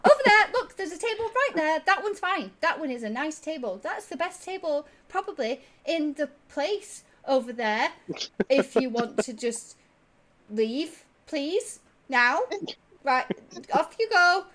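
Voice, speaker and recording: A woman voicing a small, excitable male tabaxi innkeeper who shrieks his words in a pushy, cheerful rush. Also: high voice, unhurried, voice pushed up, exaggerated voice. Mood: bossy.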